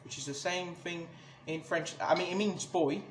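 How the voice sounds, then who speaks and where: Man ranting on a podcast, high voice, angry and swearing, echoey room, noticeable background noise. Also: normal speed. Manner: angry, swears a lot, many restarts. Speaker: podcast host. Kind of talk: casual ranting monologue.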